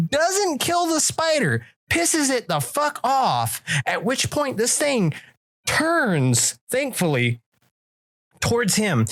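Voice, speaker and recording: This podcast co-host has a high-pitched voice, captured in a dry, studio-quality recording. He tells a story casually and animatedly, acting out the voices involved.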